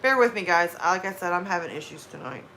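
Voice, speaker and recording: A woman's voice: lowish voice, lively intonation, fast, sharp tone, a little hiss or hum. A woman from the American South with a light Southern accent, chatting casually and laughing with her live stream viewers. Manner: chatty, laughs often, slips into drawled Southern phrases.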